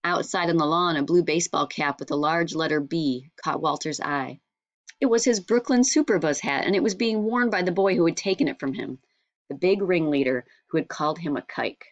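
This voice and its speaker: A woman narrating an audiobook in a measured storytelling manner. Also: deep voice, no echo, highs cut off.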